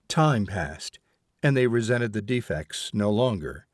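Expressive male audiobook narrator. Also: lowish voice, measured pace, no echo, clean studio sound.

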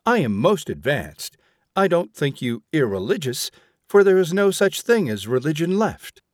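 A man's voice: fairly high pitch, big pitch swings, normal speed, no room sound, studio quality. A man reading an audiobook, voicing a prim, haughty woman who is easily shocked, in a clipped, disdainful manner. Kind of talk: audiobook character voice.

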